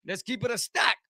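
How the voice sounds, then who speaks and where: A man's voice: sits high, bright, forceful tone, no room sound, clean studio sound. A man with a Brooklyn accent, a streamer ranting heatedly at his chat and repeating his points over and over. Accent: Brooklyn New York. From Brooklyn, New York. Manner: heated, combative, repeats himself. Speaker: streamer host. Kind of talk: live-stream rant answering chat.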